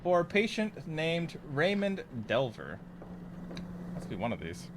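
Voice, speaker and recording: A man's voice: on the high side, wildly swooping pitch, a little slow, background noise. A man live-streaming a horror game, chatting with viewers and yelping and swearing when scared. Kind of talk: casual live-stream chat while playing a horror game.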